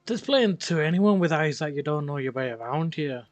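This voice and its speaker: A brash, wheedling city informant, as a man reads him aloud. The voice is a touch high and sounds dry and close to the mic. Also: lively intonation, moderate pace, no echo, faint music behind, close to an everyday voice. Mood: cheeky. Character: cheeky streetwise male city informant.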